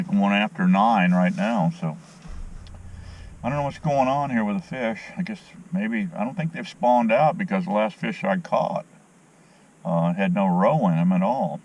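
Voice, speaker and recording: In a muffled recording, a middle-aged man with a low, slightly mellow voice fishes from a dock and talks to his handheld phone camera. His casual vlog chat is folksy, rambling, opinionated, and full of fillers.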